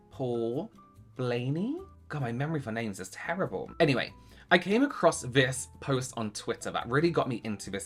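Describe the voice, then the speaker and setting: A man's voice: mid-range voice, fairly bright tone. A man hosting a reaction video, giving sarcastic commentary on social media posts and reading them aloud.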